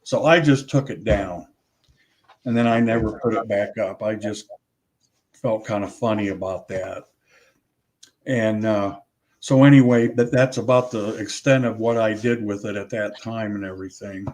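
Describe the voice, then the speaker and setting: A man's voice: fairly low pitch, normal speed, a little mellow. An older man talking casually as an interview guest, rambling with many restarts and self-corrections as he recalls his audio work.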